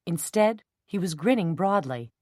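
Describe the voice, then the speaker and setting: Low-voiced woman reading a novel. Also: lively intonation, unhurried, darkish tone, no room sound, studio quality. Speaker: audiobook narrator. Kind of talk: scripted narration.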